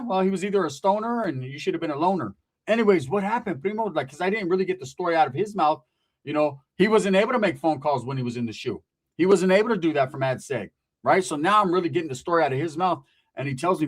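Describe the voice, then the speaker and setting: A man from Northern California telling a comic story in a high voice. He talks in a rambling, profane, slang-heavy way. He keeps checking in with "right?". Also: expressive, fast talker. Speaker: storyteller, comedian. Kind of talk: comedic storytelling.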